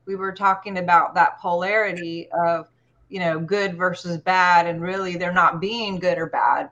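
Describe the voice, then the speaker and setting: A woman's voice: fairly low pitch, fairly bright tone, lo-fi sound. A woman hosting a round-table discussion, reflecting on a guest's story in a loose, thoughtful way. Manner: reflective, with filler phrases. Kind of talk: discussion moderation.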